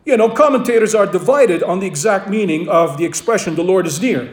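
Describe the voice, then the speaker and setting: A man's voice: high-pitched, lively intonation, fairly quick. A man preaching a sermon, emphatic and repeating his key phrases, with a story told along the way. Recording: roomy echo.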